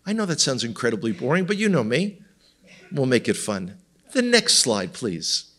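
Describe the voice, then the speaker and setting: A man's voice: medium pitch, very animated, moderate pace, fairly bright tone. A man with an Israeli accent, a tour guide giving a humorous teaching talk with slides to a congregation, full of wry jokes and asides to the audience. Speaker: tour guide and guest speaker. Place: church congregation in front of an audience.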